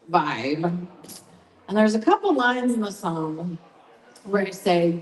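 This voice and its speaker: A woman singer-songwriter telling a lively story between songs at a live gig, acting out what people said. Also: on the low side. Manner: chatty, animated storytelling with acted-out quotes. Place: brewery venue, indoors. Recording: roomy live sound with long reverb. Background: guitar.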